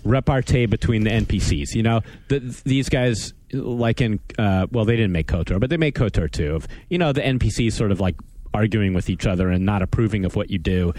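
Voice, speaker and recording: A man's voice: lowish voice, fairly quick, darkish tone, no room sound. A man hosting a casual gaming podcast, rambling and wry, often stopping and restarting his sentences. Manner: rambling, self-interrupting, wry. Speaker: podcast host. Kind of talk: casual chat.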